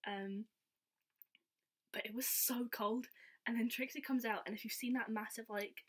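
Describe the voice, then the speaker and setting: A woman's voice: fairly high pitch, steady tone, fairly quick, husky. A young woman telling a story to camera in a chatty way, full of "like" and acted-out quotes. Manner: chatty, says "like" all the time, acts out quotes. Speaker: vlogger. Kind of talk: casual storytelling.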